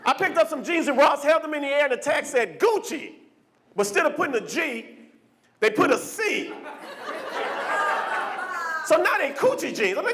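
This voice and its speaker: A man doing a stand-up comedy set on a club stage, animated and often jumping into shouted character voices. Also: extremely high pitch, moderate pace, pauses often, background noise. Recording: live club recording with crowd laughter. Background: audience laughter.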